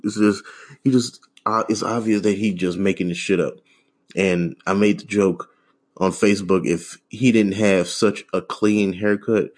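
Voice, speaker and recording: A man's voice: deep voice, a little mellow. A man hosting a podcast alone, ranting in a rambling, profane way, full of fillers and scoffing laughs. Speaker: podcast host. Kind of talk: casual solo rant.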